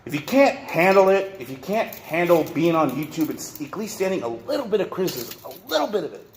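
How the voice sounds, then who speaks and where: A man's voice: on the high side, sing-song, brisk, reverberant. Rambling, cussing man in a noisy workshop. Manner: rambling, profane, repeats and restarts. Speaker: vlogger. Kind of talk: rant to camera.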